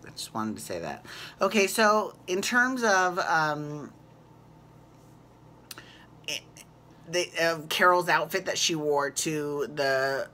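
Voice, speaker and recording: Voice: mid-range voice, sharp tone, slight background noise. A host recapping a reality show in a casual, gossipy vlog, chatting and laughing along. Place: home at night.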